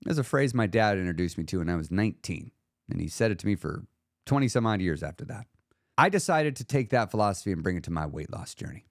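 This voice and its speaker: Male podcast host, lively emphatic delivery, dry close-mic sound. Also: lowish voice, fast talker, no room sound. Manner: animated, emphatic, acts out quoted voices. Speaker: podcast host and weight loss coach. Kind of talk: solo podcast monologue.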